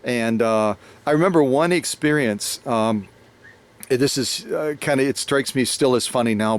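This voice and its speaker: An American man with an American accent telling a story in a casual conversation as host, rambling with many fillers and restarts. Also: medium pitch. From United States. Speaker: host, sewing machine restorer.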